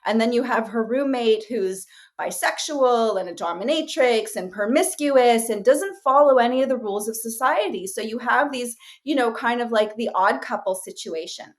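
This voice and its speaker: Chatty woman, high-pitched voice. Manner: animated, chatty, many fillers and quick asides. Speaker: interview guest, actress and writer. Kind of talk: casual interview talk.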